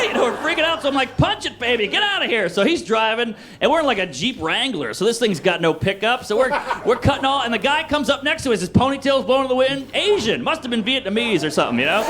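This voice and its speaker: High-voiced man telling a wild stand-up story. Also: background noise. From Louisiana. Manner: animated, acts out yells and panicked quotes. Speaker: stand-up comedian.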